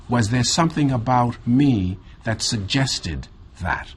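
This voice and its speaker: A man from the Bahamas with a Caribbean accent, telling a reflective story in an interview in a measured, thoughtful way with drawn-out pauses. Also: medium pitch, a bit bright, slight background noise. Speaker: interview guest.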